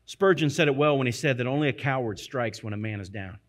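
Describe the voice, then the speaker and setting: A man's voice: mid-range voice, fast. A male pastor preaching a sermon, earnest and emphatic, repeating phrases to press his point.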